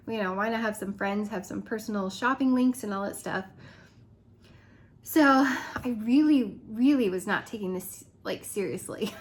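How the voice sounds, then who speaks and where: A woman chatting casually to her viewers in a rambling way, laughing often and going off on asides. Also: mid-range voice. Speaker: direct sales consultant. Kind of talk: casual vlog chat.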